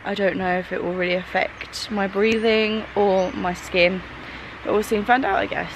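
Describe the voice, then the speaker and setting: A woman's voice: medium pitch, steady tone, moderate pace. A woman in her twenties, from Britain, chatting casually into a handheld camera as a travel vlogger, bubbly and easily delighted. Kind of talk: casual vlog narration. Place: on the road, indoors and outdoors. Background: background noise and vehicle sounds.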